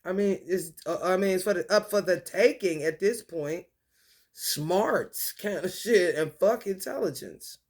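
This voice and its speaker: A woman talking in a rambling, casual monologue, profane and free-associating, with an animated delivery. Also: on the low side, a little slow.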